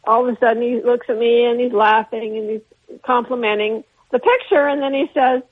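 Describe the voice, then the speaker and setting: A woman's voice: a little high, steady tone, normal speed, slightly rough. An older woman, a guest artist in an interview, telling long rambling anecdotes with restarts and bits of laughter. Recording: phone-line interview on radio.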